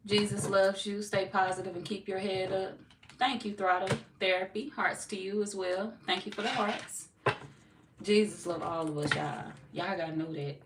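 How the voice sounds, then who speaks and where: A woman tarot reader from Missouri, talking loosely to her live chat. She is blunt and joking and swears now and then. She sits back from the mic in an echoey room, with clear noise under her voice. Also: mid-range voice, steady tone, normal speed, distant mic. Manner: blunt, playful, swears freely, laughs often. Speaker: tarot reader hosting a livestream. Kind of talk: casual livestream chat reading viewer comments.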